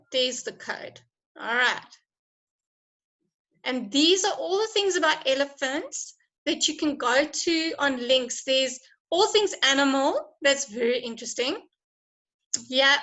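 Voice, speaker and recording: Bright, high-voiced encouraging woman teacher. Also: poor audio. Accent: South African. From South Africa. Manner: encouraging, chatty, laughs often. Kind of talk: online class lesson.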